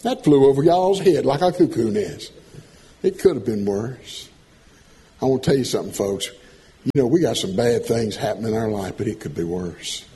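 Male preacher, sermon, very lively pitch, folksy, loud-to-soft swings. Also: moderate pace, a little hiss or hum. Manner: animated, swings from loud calls to soft asides, folksy humor.

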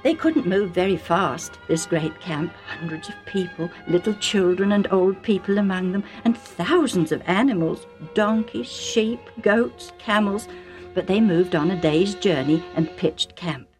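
A woman narrating a storybook for children, chatty and warm, with asides to the listener. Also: on the low side, unhurried, soft background music.

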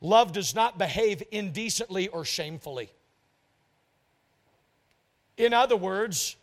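A man with a high-pitched voice delivers a sermon to his congregation. He is emphatic, repeats his key phrases for effect and slips into mock voices to act out examples. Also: expressive, unhurried, pauses often. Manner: emphatic preaching, repeats phrases, mimics couples in quotes. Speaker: pastor.

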